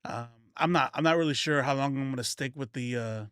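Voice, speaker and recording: A man's voice: medium pitch, brisk, a bit bright, clear, resonant tone, no room sound, clean studio sound. A man streaming live, chatting casually and joking around with a put-on Southern accent, full of restarts and asides. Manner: rambling and joking, frequent restarts and laughs, doing a put-on country accent.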